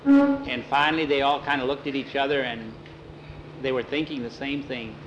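A man's voice: medium pitch, animated, normal speed, lo-fi sound, noisy background. A man telling a story aloud in an informal, rambling way, stringing dialogue together with "he said.". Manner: chatty, rambling, repeats "he said".

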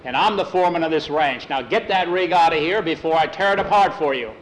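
A man's voice: fairly high pitch, quick pace, a little hiss or hum, lightly acted, rough recording. A man voicing a bossy, hot-tempered ranch foreman who barks threats. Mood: threatening. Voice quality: barking, threatening, loud.

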